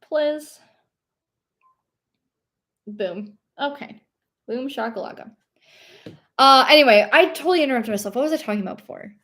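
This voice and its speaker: A woman's voice: high-pitched, fast, pauses often, a bit bright. A young woman streamer chatting casually and rambling, reading chat aloud and laughing often.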